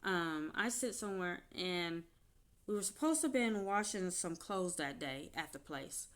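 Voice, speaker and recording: A woman vlogger telling her own story off the cuff, candid and halting, turning animated as she retells events. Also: lowish voice. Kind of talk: unscripted personal storytelling.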